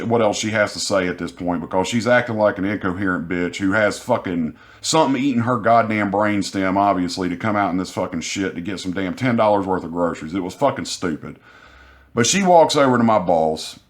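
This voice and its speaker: A man telling a vlog story about his cashier job in a frustrated, profane, rambling way, sounding sick with a sore throat. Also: fairly low pitch. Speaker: grocery store cashier.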